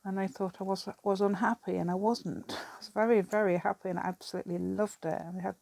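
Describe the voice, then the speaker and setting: A woman's voice: mid-range voice, fairly even intonation, fast, vocal fry, darkish tone, no echo. A middle-aged English woman chatting in a rambling way while she works on a craft project, laughing often. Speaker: craft vlogger. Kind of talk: casual chat while crafting.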